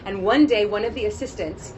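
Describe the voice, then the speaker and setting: A woman's voice: mid-range voice, a little fast. Woman voice actor telling funny stories, laughs a lot, noisy con floor. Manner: animated, laughing often, acts out quotes. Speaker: voice actress interviewed at a convention. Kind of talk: casual interview storytelling. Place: convention media panel.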